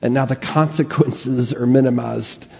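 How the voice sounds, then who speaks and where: A man's voice: mid-range voice, fairly even intonation, measured pace, vocal fry, darkish tone. Earnest male preacher in a reverberant hall. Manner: earnest, rhetorical questioning, emphatic repetition. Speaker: pastor. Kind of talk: sermon. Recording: long reverb of a large hall.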